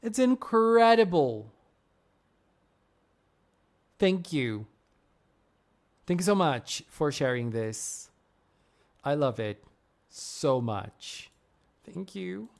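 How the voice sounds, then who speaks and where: A woman's voice: low voice, very animated, drawn-out words, pauses often, darkish tone. A woman streamer chatting casually on a live stream, gushing effusively with frequent exclamations, laughs and gasps. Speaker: streamer reviewing fan art.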